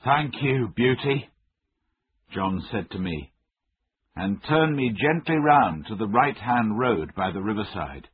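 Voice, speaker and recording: Slow, very husky male story reader. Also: lively intonation, no echo. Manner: slow, with wide swings of pitch. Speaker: storybook narrator. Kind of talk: storybook reading aloud. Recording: tinny narrow-band recording, dry.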